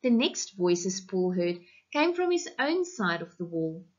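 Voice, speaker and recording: A woman teacher reading a short story aloud for an online class, in a measured, expressive way. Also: on the low side. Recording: muffled lo-fi recording.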